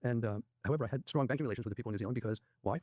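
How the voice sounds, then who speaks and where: A man as the guest trader in an interview, telling stories quickly and quoting other people's dialogue as he goes. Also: mid-range voice, a little mellow, no room sound, clean studio sound. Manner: rapid anecdotal retelling with quoted dialogue. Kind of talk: interview storytelling.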